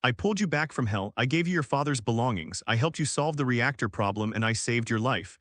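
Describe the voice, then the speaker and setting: A man reading the lines of a stern, commanding one-eyed spy chief, forceful and firm. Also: mid-range voice, animated, a little fast, no echo, clean studio sound, lightly acted.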